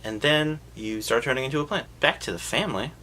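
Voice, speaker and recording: A man giving a sarcastic, profane comedic recap of a film, jumping into quick voices for the characters. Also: medium pitch, sharp tone, slight background noise.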